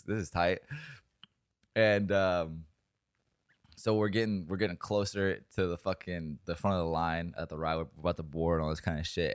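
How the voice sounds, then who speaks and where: A man's voice: deep voice, dry recording, clean studio sound. A young man co-hosting a podcast, telling a long story in a rambling, profane, casual way full of fillers. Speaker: podcast co-host.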